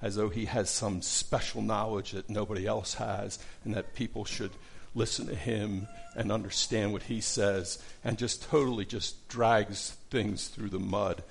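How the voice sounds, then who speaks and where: A man's voice: lowish voice, fairly even intonation, measured pace, gravelly, few pauses. A middle-aged man teaching a casual Bible study lesson, conversational, with many fillers and restarts.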